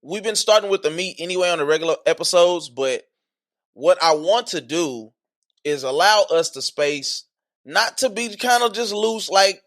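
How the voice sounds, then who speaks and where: A man hosting a podcast in casual chat, slangy and hyped, repeating catchphrases, then slowing into earnest teaching. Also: high-pitched, fairly bright tone. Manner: switches to slower earnest teaching. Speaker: podcast host.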